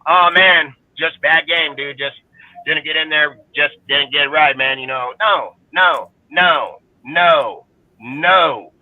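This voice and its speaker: A man's voice: a little high, takes it slowly, no echo. A man ranting heatedly about his football team in profane fan commentary. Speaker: fan show panelist. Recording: phone-like call audio, dry.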